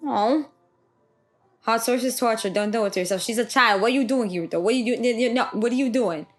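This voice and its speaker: A woman talking casually as she reacts to an anime for the first time, her voice sitting a little high. She gasps, exclaims and swears freely as the scenes hit her, then talks her thoughts through in an easy, chatty way. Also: fairly quick, faint music behind.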